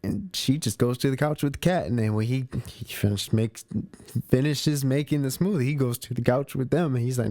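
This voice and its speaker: A man's voice: medium pitch, lively intonation, brisk, mellow, no echo. A man hosting a movie review show, chatting casually about spoilers in slang, often repeating himself and restarting his sentences.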